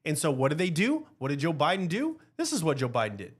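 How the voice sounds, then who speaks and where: A male podcast host with a high voice that swings widely up and down. He delivers heated political commentary in a restless, rhetorical way and keeps checking in with the listener. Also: fast, breathy edge. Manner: animated, rhetorical, keeps asking "right?".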